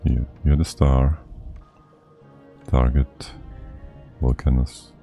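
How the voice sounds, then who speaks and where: Very deep, slow-talking male streamer. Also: little pitch movement, vocal fry, mellow, soft background music. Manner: muttering to himself, thinking aloud. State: slightly out of breath. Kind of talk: casual live-stream commentary while playing.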